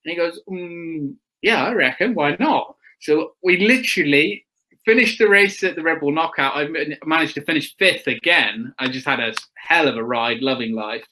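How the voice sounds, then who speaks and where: Bright chatty man telling stories. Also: on the high side, normal speed, rough recording. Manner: chatty storyteller, laughs often, acts out quotes. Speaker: guest motocross rider. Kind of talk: casual chat.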